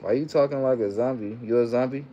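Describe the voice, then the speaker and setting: A man's voice: mid-range voice, quick pace, warm tone, lo-fi sound, slight background noise. A man hosting a casual livestream, reading viewer comments aloud and repeating himself in loose slang. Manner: coaxing, playful with his child. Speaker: livestream host.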